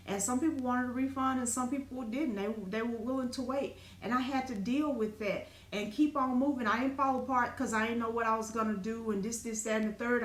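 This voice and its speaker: Expressive storytelling woman, echoey room. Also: on the high side. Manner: animated, profane, dramatic retelling with colloquial speech. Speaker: spiritual teacher and business owner. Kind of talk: raw personal storytelling talk. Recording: echoey room with faint ambient noise.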